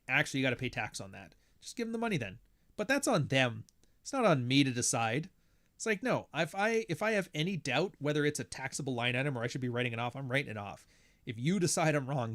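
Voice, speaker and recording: A man hosting a podcast, talking in a blunt, profane, sardonic rant and slipping into quick impressions of other people as he tells stories. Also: medium pitch. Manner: animated, mimics others mid-story. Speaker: podcast host. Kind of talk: casual ranting monologue.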